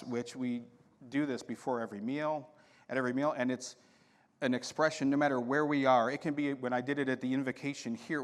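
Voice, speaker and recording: A man giving a storytelling talk at a conference, acting out voices in his anecdotes. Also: mid-range voice. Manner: animated anecdotes with quoted dialogue. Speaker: conference speaker. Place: conference hall. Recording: hall reverb.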